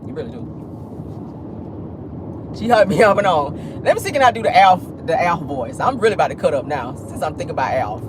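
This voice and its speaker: Speaking fairly quickly and with lots of animation, this vlog host, a woman with an African American Vernacular English accent, delivers blunt, sassy livestream commentary and laughs a lot. Her pitch swings all over, while traffic audibly rumbles behind her.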